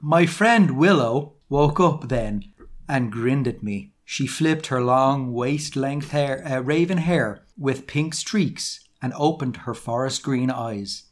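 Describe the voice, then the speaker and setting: A British man, a podcast co-host, reading a fan fiction aloud and stressing its silliest lines. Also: medium pitch. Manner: mock-dramatic, stressing the absurd lines.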